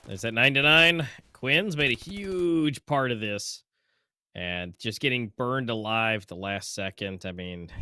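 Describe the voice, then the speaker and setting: A man's voice: mid-range voice, pushed and bright, dry recording, clean studio sound. A man casting an esports match live, breaking down player stats in an analytical way with frequent "you know" fillers. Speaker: esports caster.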